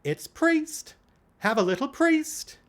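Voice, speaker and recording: Man doing a shrill falsetto pie-shop lady. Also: big pitch swings, slow pace, fairly bright tone, full character voice. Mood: gleeful. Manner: shrill, sing-song falsetto. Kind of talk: singing a stage-musical duet.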